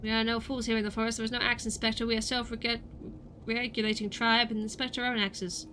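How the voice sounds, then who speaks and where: A woman's voice: on the high side, little pitch movement, fairly quick, sharp tone, soft background music, poor audio. A woman voicing a proud forest tribesman who turns down requests in a formal, dismissive way.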